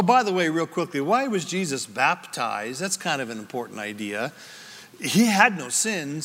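A man preaching an expository Bible teaching sermon, swinging from booming scripture reading to quiet asides. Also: long reverb tail. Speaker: pastor.

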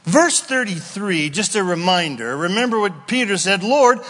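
A man preaching in a church, his voice high and swinging widely in pitch as he acts out little voices and asides. He sounds bright and forceful, and a long reverb trails each phrase through the sanctuary. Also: very animated, normal speed. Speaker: pastor. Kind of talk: sermon.

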